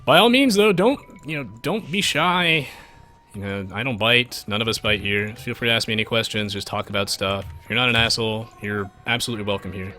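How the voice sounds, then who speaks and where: A man's voice: on the low side, a little fast, sharp tone, soft background music. A man live-streaming a strategy game, chatting with viewers in a self-mocking, rambling way with lots of restarts.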